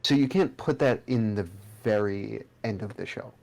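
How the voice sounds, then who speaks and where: A young man with a low, gravelly voice, chatting casually on a podcast. He rambles, swears offhandedly and often restarts his sentences. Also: normal speed, darkish tone. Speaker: podcast co-host. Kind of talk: casual chat.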